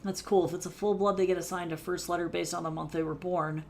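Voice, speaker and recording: A casual art streamer rambling to chat between brush strokes, loose and unfiltered, with the odd swear. The voice sits at a middle pitch. A faint hum of noise runs under it. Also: flat delivery, quick pace, gravelly. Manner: loose and chatty, swears freely, talks to chat while working. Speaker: art livestreamer. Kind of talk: casual livestream chat while drawing.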